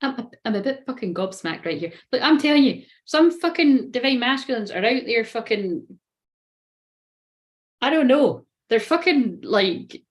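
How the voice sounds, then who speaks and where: A woman's voice: on the high side, lively intonation, moderate pace. Chatty, sweary woman tarot reader. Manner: chatty, swears constantly, often laughs at herself. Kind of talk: casual tarot reading monologue.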